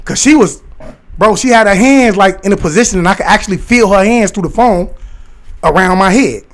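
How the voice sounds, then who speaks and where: High-voiced man rambling excitedly to viewers. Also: fairly quick. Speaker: live streamer talking to chat. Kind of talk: casual livestream chat.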